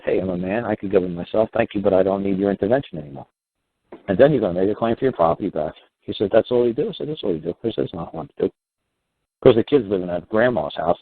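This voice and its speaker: A man hosting a call-in radio show, talking in an animated, rambling way, acting out both sides of conversations and swearing now and then. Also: low voice, slightly rough. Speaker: radio talk show host. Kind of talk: call-in radio advice talk. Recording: tinny phone-line sound.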